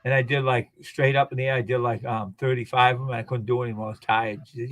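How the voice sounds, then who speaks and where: A man's voice: medium pitch, level tone, quick pace, hardly any pauses, fairly bright tone. A man chatting casually, telling rambling everyday anecdotes as a guest on a live stream. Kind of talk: casual chat.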